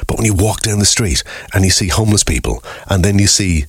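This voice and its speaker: A man presenting on a country music radio station, chatting casually in a rambling, animated way. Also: sits low, fast talker, few pauses, husky, dry recording, clean studio sound. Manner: rambling, animated, mocking asides.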